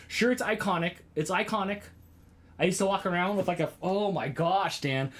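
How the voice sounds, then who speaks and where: A man in his thirties with a fairly high voice, chatting loosely with his viewers on a livestream from home. He rambles from one thing to the next and breaks into excited exclamations. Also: normal speed. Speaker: vlogger hosting a livestream. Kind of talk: casual livestream chat with viewers.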